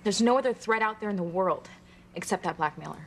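A woman's voice: mid-range voice, fast, slight background noise, lightly acted. An actress playing an anxious young woman who is hiding a secret, in a soap opera. She speaks in a pleading, flustered way.

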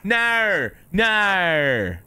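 A man putting on a fake British accent to play a showy, posh male spy, in a loud and exaggerated manner. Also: high-pitched, sing-song, extremely slow, slight background noise, pitched above the performer's own voice, heavily acted. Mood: hammy. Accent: put-on British.

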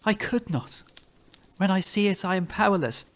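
A man's voice: high voice, normal speed, voice pushed up, natural voice. A man voicing a haunted, terrified captain in a dramatic reading of a classic ghost story, pleading desperately and breaking into frantic cries. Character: haunted, terrified middle-aged male captain.

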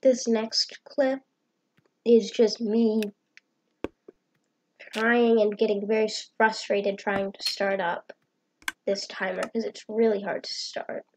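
A woman's voice: mid-range voice, flat delivery, slow pace, long pauses, a little hiss or hum, rough recording. A woman hosting a gaming channel, plainly explaining her build and answering her guest with dry comebacks. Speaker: channel host. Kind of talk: narrating a game build.

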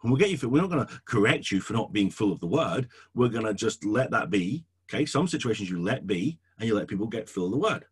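Animated, husky-voiced male pastor preaching. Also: on the low side, fast talker, hardly any pauses. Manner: emphatic, repetitive, animated preaching. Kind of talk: teaching sermon.

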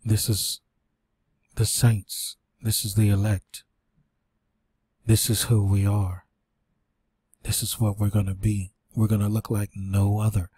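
Man, preaching and reading scripture, low pitch, breathy, short of breath. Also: level tone, slow pace, long pauses, dark tone. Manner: reads scripture aloud with fillers and restarts, preaching asides. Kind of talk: informal scripture teaching.

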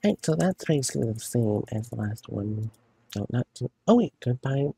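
A man's voice: medium pitch, lively intonation, moderate pace, vocal fry, warm tone, breathy edge. A man streaming a story game, casually commenting and reading the game's text aloud.

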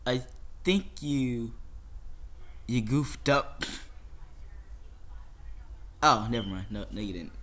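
A woman's voice: a bass voice, slow, pauses often, fairly bright tone. A woman recording bloopers for a home-made audio drama, laughing and bossily restarting takes. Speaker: amateur voice actor.

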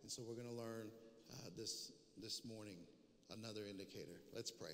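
Bright-voiced pastor preaching in an echoey hall. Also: male voice, fairly low pitch, steady tone, a little fast. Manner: reads scripture aloud, then explains it. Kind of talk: sermon. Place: church sanctuary.

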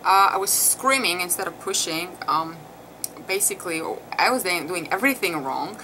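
A woman's voice: on the low side, animated, normal speed. A woman casually recounting a personal experience to her viewers, emotional and chatty, with many fillers. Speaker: mother telling her birth story. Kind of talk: casual vlog storytelling. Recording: clear background noise.

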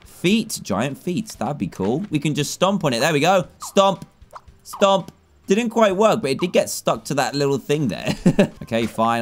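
A young man in his twenties giving excitable, jokey let's-play commentary, laughing often as he plays. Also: fairly high pitch. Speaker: gaming YouTuber.

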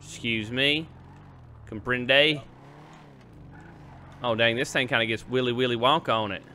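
A man's voice: mid-range voice, unhurried, sharp tone, slight background noise. A young man with a drawl, joking and bantering in a casual roleplay game with a rowdy manner. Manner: rowdy joking drawl, makes siren noises. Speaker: streamer playing a roleplay character.

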